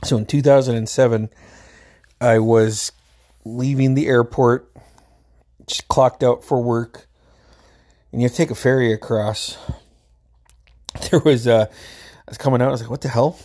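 A man's voice: mid-range voice, fairly even intonation, unhurried, long pauses, warm tone. A middle-aged man casually telling a family story, laid-back, swearing freely and laughing as he goes.

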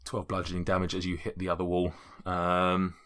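Rambling game master, bright tone. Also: male voice, low-pitched, completely flat delivery, a little fast. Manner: rambling, self-correcting, laughs often. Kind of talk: casual tabletop game narration.

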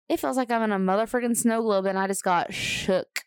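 A woman's voice: mid-range voice, fairly quick, clear, resonant tone, no echo, studio quality. A young woman co-hosting a podcast, talking casually and animatedly, swearing and laughing along. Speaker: podcast co-host. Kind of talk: casual chat.

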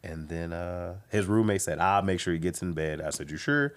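A man's voice: low-pitched, normal speed. A young man, a comedian, telling a story in casual chat and acting out the voices of the people in it. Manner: animated, acts out quoted voices. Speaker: guest comedian.

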